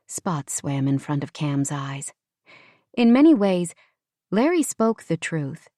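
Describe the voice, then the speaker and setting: A woman narrating an audiobook in a measured, expressive read. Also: low-pitched, no room sound, clean studio sound. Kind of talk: scripted narration.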